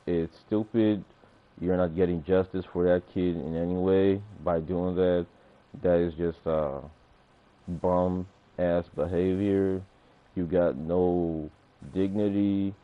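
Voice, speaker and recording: A man's voice: sits low, takes it slowly. Profane streamer man, tinny audio. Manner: profane, animated storytelling, acts out confrontations. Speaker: gaming streamer. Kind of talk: casual livestream rant.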